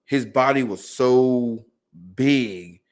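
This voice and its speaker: A man's voice: medium pitch, extremely slow, clean tone. A man guest on a podcast telling a long story in loose casual speech, acting out what his family said. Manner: animated, acts out quotes of family.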